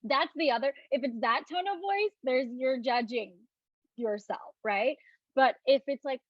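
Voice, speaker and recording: Woman talk host, gentle and reflective, slightly high voice, dry lo-fi recording. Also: measured pace, no room sound. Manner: gentle, reflective, often mimics questioning tones. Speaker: self-love speaker hosting a live talk. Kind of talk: casual live talk, reading viewer comments.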